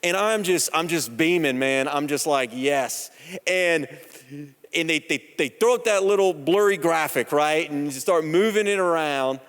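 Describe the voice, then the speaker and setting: A man in his thirties preaching a sermon, telling personal stories in a conversational, humorous, animated way. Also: a little high, normal speed, smooth. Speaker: pastor. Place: church sanctuary. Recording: long church hall reverb.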